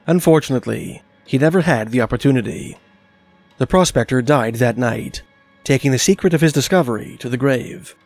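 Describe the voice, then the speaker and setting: A man's voice: mid-range voice, vocal fry, a little mellow. Man narrating a mystery documentary.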